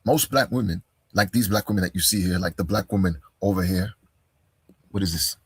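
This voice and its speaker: A man's voice: low-pitched, brisk, husky, no echo. A man giving an argumentative reaction commentary, firing rhetorical questions and talking straight at the person he answers. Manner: combative, fires rhetorical questions, calls listener "bro". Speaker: commentator responding to a video.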